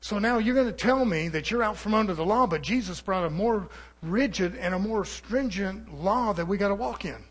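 A man preaching a fiery, confrontational sermon, swinging between muttered asides and shouting. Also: sits high, moderate pace.

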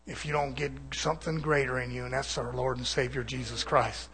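A man preaching a fiery sermon to a church, alternating forceful loud passages with quieter asides. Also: fairly even intonation, brisk, gravelly, hardly any pauses, husky. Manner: forceful preaching, swinging between loud peaks and low asides. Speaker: pastor.

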